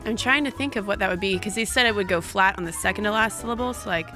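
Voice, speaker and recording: A woman's voice: medium pitch, fast, over music. A woman co-hosting a podcast, chatting casually with restarts and reading listener mail aloud. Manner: chatty, restarts and repeats words. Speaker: podcast co-host.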